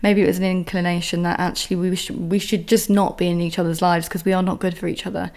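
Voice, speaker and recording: A young woman hosting a podcast delivers a candid solo monologue, ranting in exasperation about a story with heavy swearing. Her lowish voice is gravelly and darkish, with a flat delivery at a quick pace.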